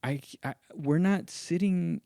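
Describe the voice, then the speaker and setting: A man hosting a podcast, telling a story in casual chat and acting out what other people said in raised, animated voices. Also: a little high, slow, vocal fry, no echo, clean studio sound. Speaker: podcast host.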